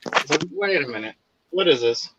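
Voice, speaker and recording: A man's voice: on the high side, animated, moderate pace, background noise. A man chatting casually on a livestream, telling long rambling stories and swearing freely. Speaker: livestream co-host. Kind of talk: casual chat.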